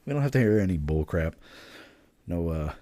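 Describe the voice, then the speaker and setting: A man's voice: low-pitched, big pitch swings, moderate pace, mellow, no echo, studio quality. A middle-aged man co-hosting a podcast, chatting in a laid-back, wry way with frequent chuckles. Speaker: podcast co-host. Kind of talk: casual chat.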